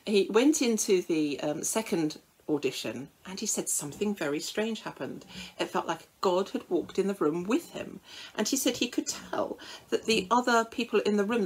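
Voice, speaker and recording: A woman's voice: lowish voice, slightly rough, poor audio. A woman preaching a sermon in a conversational storytelling way, with frequent fillers.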